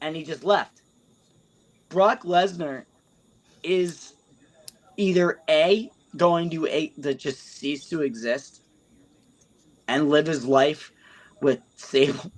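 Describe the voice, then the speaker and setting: A man co-hosting a casual wrestling talk show, rambling and halting and swearing often. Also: fairly high pitch. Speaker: co-host. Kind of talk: casual podcast banter.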